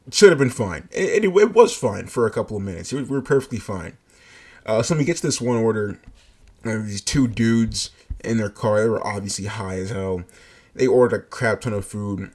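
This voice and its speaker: A man with a husky voice recounts a work story in casual, animated speech. He swears freely and breaks into laughter throughout. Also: lowish voice, moderate pace. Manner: animated, profane, laughing asides. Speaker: fast-food shift lead.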